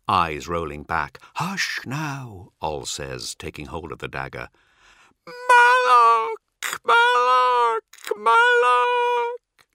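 A man's voice: very deep voice, pushed and bright, dry recording, studio quality, voice pushed down, exaggerated voice. A man voicing a terrified young woman in a trance for an audiobook, shrieking a name, then murmuring dazedly.

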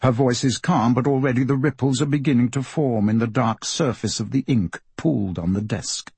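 Male audiobook narrator, husky and breathy, measured delivery, dry close studio sound. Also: medium pitch, darkish tone, no echo. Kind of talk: scripted literary narration.

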